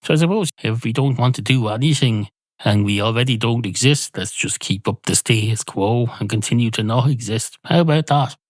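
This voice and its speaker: A man's voice: mid-range voice, a little fast, dry recording, studio quality, natural voice. A man doing a glum, weary barman. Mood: resigned. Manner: mopey and resigned.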